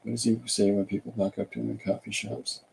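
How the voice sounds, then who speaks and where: This podcast host talks fast in a lowish, darkish voice with vocal fry and a flat delivery, while a faint hiss or hum sits under the audio. He's an artist who rambles and jokes casually as he draws, musing aloud.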